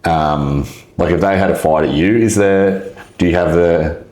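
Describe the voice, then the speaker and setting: Very deep-voiced podcast host. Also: male voice, moderate pace, darkish tone, reverberant. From Australia. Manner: short encouraging backchannels, loose rambling questions. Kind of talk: casual interview chat.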